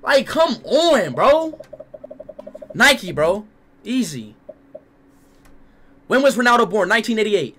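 A young man streaming live, reacting loudly with slangy outbursts while playing a quiz. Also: high voice, takes it slowly, long pauses, slight background noise. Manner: excitable, shouting, slangy outbursts. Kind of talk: loud reactive livestream commentary.

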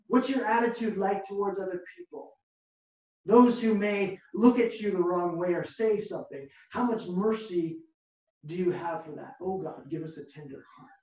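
A pastor preaching a sermon slowly and emphatically, repeating key words and asking the listeners rhetorical questions. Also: medium pitch, darkish tone. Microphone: video call, far from the mic. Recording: very echoey, distant, dull lo-fi video call audio.

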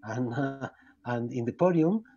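A man who is not a native English speaker hosts an interview, speaking haltingly, repeating words and reading out viewer messages over a video call. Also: mid-range voice, lively intonation, warm tone, dull audio. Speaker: podcast host. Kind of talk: interview hosting.

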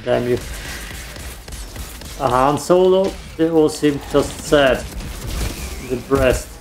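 Slow gravelly man chatting over gameplay. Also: mid-range voice, faint music behind. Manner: dry, self-mocking remarks while playing. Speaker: gameplay streamer. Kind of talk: casual let's play commentary.

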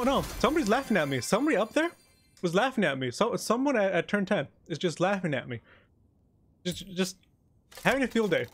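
A man giving casual, joking gameplay commentary, excitable and sometimes talking with his mouth full of cookie. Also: high voice. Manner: excitable, joking, talks while eating. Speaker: gaming YouTuber.

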